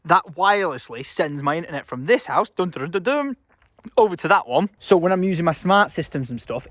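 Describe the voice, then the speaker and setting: A man, chatting excitedly to camera while working outdoors in his garden. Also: on the high side, no room sound. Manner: excitable, animated. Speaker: vlogger. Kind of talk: casual vlog narration.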